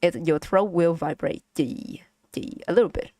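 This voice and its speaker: A woman's voice: lowish voice, a little fast, mellow, dry recording, studio quality. A woman with a Vietnamese accent teaching pronunciation on a casual live stream, patiently repeating sounds for her chat.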